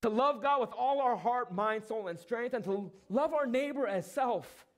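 High-voiced preaching man. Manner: rhetorical questions, dramatic pauses, acts out quoted lines. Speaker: pastor. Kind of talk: sermon.

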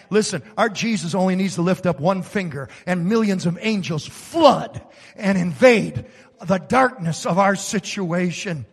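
A man preaching a sermon in a church sanctuary, swinging between quiet storytelling and sudden shouts. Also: high voice, a little slow, slightly rough, big-room sound. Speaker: pastor.

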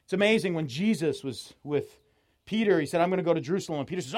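A man preaching a sermon at a festival, animated and teasing, acting out quotes with a raised voice. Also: on the high side, racing.

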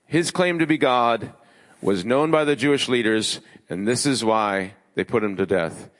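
A man preaching a sermon as pastor, emphatic, building his lists with rising pitch. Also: a little slow, a bit bright. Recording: long hall reverb.

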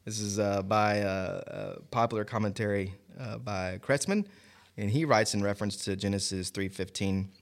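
A man's voice: fairly low pitch, sing-song, creaky. Laughing man in easygoing Bible chat. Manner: laughs often, reads aloud deliberately. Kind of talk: casual Bible discussion.

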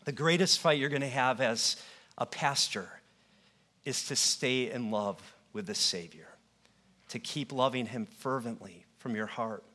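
A man preaching a sermon in a church, earnest and rhetorical, building with repetition and dropping to hushed tones. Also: medium pitch, a little slow. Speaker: pastor.

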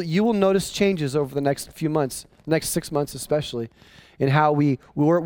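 A man, a pastor, preaching a sermon in an animated way, repeating and restarting phrases as he drives his points home. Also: on the high side, no echo. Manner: animated, acting out voices of people in the story.

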